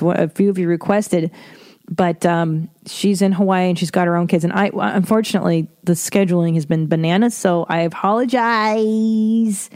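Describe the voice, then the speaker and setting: Mellow, profane woman podcast host. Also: on the low side. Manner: frank, profane, self-deprecating, rambling. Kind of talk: casual solo podcast monologue.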